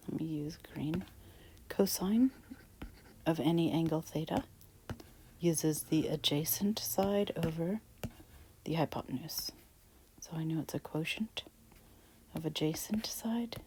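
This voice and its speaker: A woman teaching a math lesson, talking softly and half-whispered with a breathy voice while she writes. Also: deep voice, slight background noise, poor audio. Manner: soft, half-whispered explaining while writing. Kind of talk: recorded math lecture.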